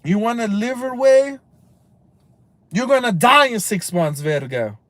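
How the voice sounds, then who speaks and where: A man ranting on a livestream, rambling and cursing, dropping Spanish slang, swinging from loud outbursts to low mutters. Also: lively intonation, measured pace, no echo. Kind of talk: casual rambling livestream rant.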